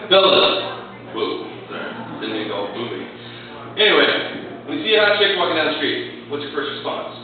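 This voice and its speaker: A man's voice: on the high side, very animated, fairly quick. A man in his twenties doing a crude, rambling, self-mocking stand-up set in a small club. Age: 20s. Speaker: stand-up comedian. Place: small comedy club, live. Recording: echoey lo-fi club recording from far off with crowd.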